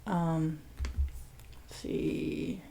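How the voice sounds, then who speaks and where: Female food-channel host, casual and chatty, low-pitched with a gravelly edge. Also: steady tone, extremely slow, mellow. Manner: chatty, many fillers and restarts. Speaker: mukbang host. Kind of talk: casual chat reading viewer shout-outs.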